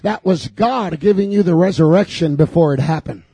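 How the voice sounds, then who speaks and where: A man preaching a fervent sermon in a church, building repeated declarations up to shouts. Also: fairly high pitch, normal speed, breathy edge, no room sound. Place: church sanctuary.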